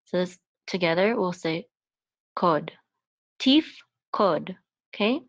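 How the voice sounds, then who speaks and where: Slow, patient woman teaching Hebrew. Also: fairly low pitch, animated, muffled recording. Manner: patient, explaining letter by letter, chanting phrases in a sung voice. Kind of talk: slow step-by-step language lesson.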